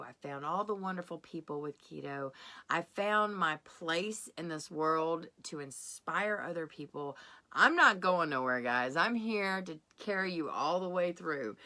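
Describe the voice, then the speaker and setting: Hosting a live keto workshop, a middle-aged woman speaks in a lowish voice that sounds pushed and bright. It's a casual livestream chat, and she stays chatty and encouraging, greeting viewers by name.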